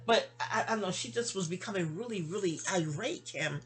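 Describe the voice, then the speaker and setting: A woman's voice: lowish voice, fairly quick. A woman, telling a long, rambling personal story in a chatty way, sounding sleepy. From New York City. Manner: rambling, chatty, with frequent restarts and asides. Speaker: vlogger. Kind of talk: casual storytelling monologue.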